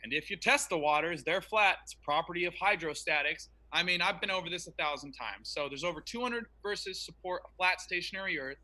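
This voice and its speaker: A man speaking in an online debate over a remote call. His voice sits high and sounds very bright and sharp. He delivers his points in an emphatic, preachy way. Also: a little fast, hardly any pauses, low-quality recording.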